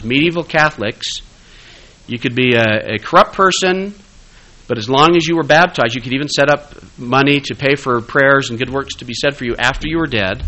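A man's voice: mid-range voice, bright, forceful tone, low-quality recording. A man giving a conversational lecture-style talk, with frequent "uh" fillers, restarts and rhetorical questions.

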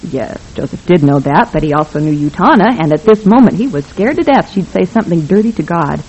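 A narrator reading a novel aloud in a wry, even manner. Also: mid-range voice, fairly quick, breathy edge, rough recording. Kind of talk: scripted audiobook narration.

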